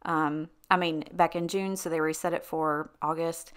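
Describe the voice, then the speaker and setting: A woman's voice: sits low, normal speed, smooth. A woman vlogger telling a story in a chatty, casual way, often breaking into laughter. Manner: chatty, laughs between lines, animated retelling. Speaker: lifestyle vlogger.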